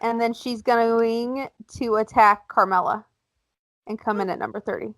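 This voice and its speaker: A woman's voice: fairly high pitch, steady tone, normal speed, fairly bright tone, dry recording, poor audio. A woman co-hosting a podcast, talking bluntly and casually with strong opinions. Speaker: podcast co-host. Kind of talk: casual chat.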